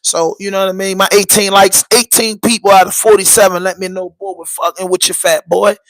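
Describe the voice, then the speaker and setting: Gravelly, bright-voiced Baltimore man ranting. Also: sits high, flat delivery, fairly quick, no echo. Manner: loose, cussing, begging viewers for likes. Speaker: podcast host. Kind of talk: casual livestream rant. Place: basement.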